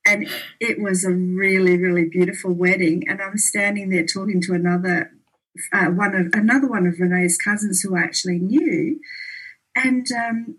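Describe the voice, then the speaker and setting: A woman's voice: mid-range voice, steady tone, normal speed, a bit bright, slightly rough, rough recording. A middle-aged woman chatting casually, telling rambling anecdotes and laughing as she goes. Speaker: podcast co-host, mother. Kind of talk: casual storytelling chat.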